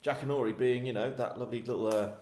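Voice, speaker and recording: A man's voice: medium pitch, fairly even intonation, quick pace, darkish tone, slight background noise. A man from England hosting a live book launch, chatting casually with viewers in a rambling, self-deprecating way. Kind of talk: casual live-stream chat. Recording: echoey room.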